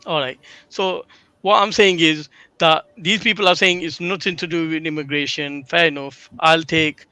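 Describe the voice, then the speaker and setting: A man debating on a live podcast panel, pressing his point and talking over others. His voice sits high and bright. It sounds close and dry. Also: steady tone, moderate pace, clean tone, dry recording. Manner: argumentative, interrupting.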